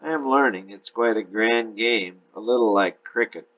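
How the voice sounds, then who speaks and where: A man doing a chatty English gentleman. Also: fairly low pitch, normal speed, highs cut off, natural voice. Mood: explaining. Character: cheerful English gentleman friend, tenor.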